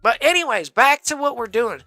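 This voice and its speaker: Man, live streamer, rambling and profane, bright edgy tone, dry close sound, faint music behind. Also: extremely high pitch, lively intonation, moderate pace, no room sound. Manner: rambling, profane, says "bro" constantly. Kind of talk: casual storytelling on a live stream.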